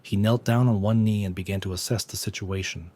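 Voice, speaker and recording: A man narrating a comic story recap in steady, plain, scripted storytelling. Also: on the low side, fairly quick.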